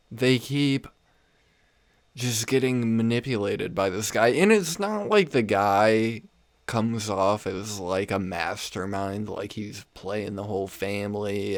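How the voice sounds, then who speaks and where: A man's voice: medium pitch, no echo. A young man hosting a casual comedy podcast, ranting with lots of swearing and laughing at his own stories. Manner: profane, rambling, laughs often. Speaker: podcast host. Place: home room.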